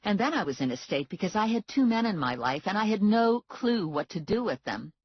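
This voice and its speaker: A woman reading a first-person novel aloud in a wry, expressive way. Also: mid-range voice, a little fast, husky, no room sound, lo-fi sound. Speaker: audiobook narrator. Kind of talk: scripted first-person narration.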